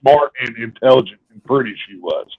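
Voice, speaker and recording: A man's voice: mid-range voice, expressive, fairly quick, highs cut off, a crowd in the background. A man hosting a casual film discussion, blunt and restarting his words as he talks. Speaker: podcast host.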